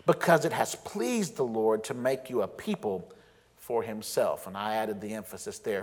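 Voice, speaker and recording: A man preaching a sermon as pastor, earnest and emphatic, slowing down to stress key phrases. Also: mid-range voice, lively intonation. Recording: long reverb of a large hall.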